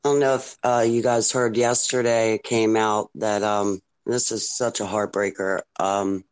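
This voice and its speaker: A man calling in to a talk show who speaks haltingly with many fillers. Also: on the low side, little pitch movement, clean tone, poor audio. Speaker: caller. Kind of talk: call-in chat.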